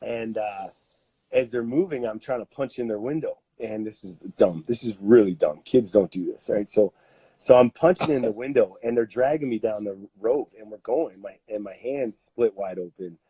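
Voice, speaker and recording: A Canadian man in his thirties, a podcast guest who tells stories in a loose, animated way, with lots of fillers and laughter. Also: on the low side, normal speed, breathy edge, dry recording. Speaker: podcast guest, strength coach. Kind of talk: casual storytelling.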